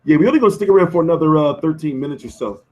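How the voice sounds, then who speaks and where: Man, live-stream host, hoarse, loose profane banter, slightly high voice. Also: animated, rapid-fire, darkish tone, dull audio. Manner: loose, profane, slangy banter answering chat. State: losing his voice. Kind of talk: casual live-stream chat.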